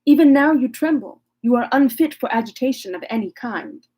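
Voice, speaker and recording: A woman reading the part of a gentle older male magistrate from a classic novel, in a slightly breathy voice. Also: high-pitched, animated, a little fast. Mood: concerned.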